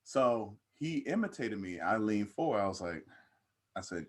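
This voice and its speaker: Young male podcast co-host, low voice, laid-back storyteller who laughs as he gets riled up. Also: very animated, moderate pace. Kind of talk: casual storytelling.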